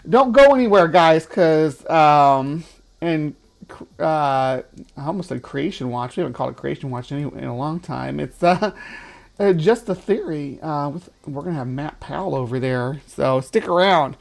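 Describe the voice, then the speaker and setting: A man's voice: on the high side, unhurried, gravelly. Chatty man hosting a livestream. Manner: chatty, laughs often, playful snake voices. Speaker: livestream host. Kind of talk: casual livestream commentary.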